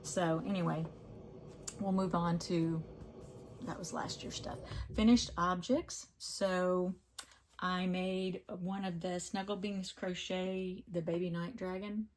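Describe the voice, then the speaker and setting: A woman's voice: lowish voice, flat delivery, slow. A woman in a casual home crafting vlog, chatting in a rambling, fond way about her finished projects. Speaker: crafting vlogger. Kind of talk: casual chat.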